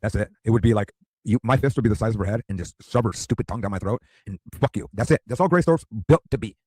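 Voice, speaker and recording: A man's voice: lowish voice, fast talker, a little mellow, husky, no echo. A man in his fifties, a streamer ranting crudely and rambling, full of profanity and "dude.". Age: 50s.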